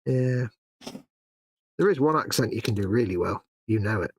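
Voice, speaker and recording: A man's voice: on the low side, expressive, normal speed, slight background noise. A middle-aged man co-hosting a live hobby stream, teasing his partner and reading out viewer comments. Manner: teasing, jokey. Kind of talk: casual banter.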